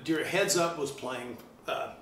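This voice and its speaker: A middle-aged man telling stories in a loose, animated way, swearing freely, in a casual chat. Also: on the high side, measured pace, gravelly, reverberant, distant mic, a little hiss or hum. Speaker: guest musician.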